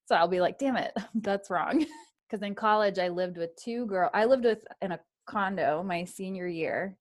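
A woman's voice: on the low side, moderate pace. A woman hosting a podcast, chatting casually and laughing often. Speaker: podcast host. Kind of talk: casual chat.

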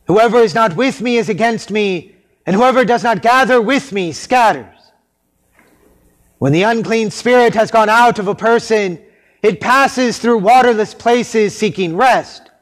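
A man reading the Gospel at a liturgy in a measured, solemn cadence. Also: very high voice.

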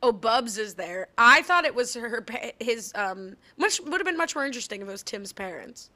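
Bright-voiced laughing young woman. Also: a little high, expressive. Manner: quick, laughing, jumps in often. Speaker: podcast co-host. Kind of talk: casual chat recapping a movie.

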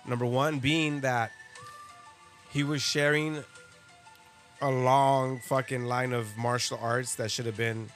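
A man's voice: medium pitch, little pitch movement, slow pace, long pauses, fairly bright tone, faint music behind. A man hosting a casual podcast, telling a story full of swearing and asides. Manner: profane storytelling, lots of swearing and laughing. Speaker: podcast host.

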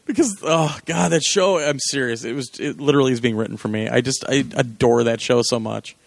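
A man co-hosting a podcast, chatting casually and laughing often as he retells TV scenes with excitement. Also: medium pitch, brisk, creaky, no echo. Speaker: podcast co-host. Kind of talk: casual chat about TV.

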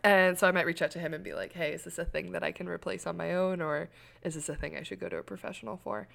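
A young adult woman co-hosting a podcast, telling a personal story in casual chat with candid, animated delivery. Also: on the low side, fast, gravelly. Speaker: podcast co-host.

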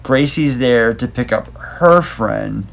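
Gravelly laid-back man reviewing movies. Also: medium pitch, lively intonation, slow. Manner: loose, rambling, laid-back. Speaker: podcast co-host. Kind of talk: casual movie review chat.

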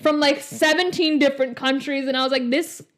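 High-voiced young woman in animated chat. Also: a little fast. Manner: animated, many "like" fillers. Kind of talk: casual chat reviewing a movie.

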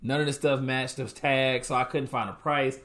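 A young man telling a casual story in a middle-pitched voice. He acts out his own reactions and quotes people as he goes. The talk is loose and conversational. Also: steady tone, normal speed, a bit bright. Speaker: co-host, husband.

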